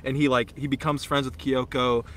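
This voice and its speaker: A man's voice: medium pitch, level tone, moderate pace, a bit bright, slight background noise. A young man co-hosting a podcast, chatting casually and swearing freely, full of fillers and restarts as he gushes about a film. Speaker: podcast co-host. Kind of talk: casual chat.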